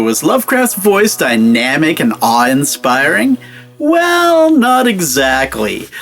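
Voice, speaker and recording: A male host delivers a scripted narration in a somewhat high voice. His pitch moves up and down a great deal, which keeps it animated and expressive. Faint music plays underneath.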